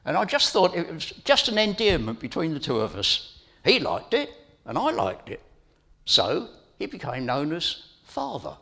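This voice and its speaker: A man's voice: on the high side, huge pitch swings, normal speed, vocal fry, sharp tone. A middle-aged man giving an informal sermon as preacher, telling a family story in a chatty way with asides to his listeners.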